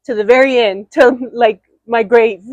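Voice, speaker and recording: Animated young woman host, higher voice. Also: normal speed, dry recording, dull audio. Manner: animated storyteller, laughs often, acts out quoted lines. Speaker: podcast host. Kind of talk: candid chat between friends.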